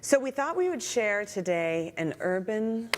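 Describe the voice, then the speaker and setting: A woman's voice: medium pitch, very animated, a little slow. A woman co-hosting a television talk show, chatting casually in the studio in an upbeat, emphatic way. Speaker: TV show co-host.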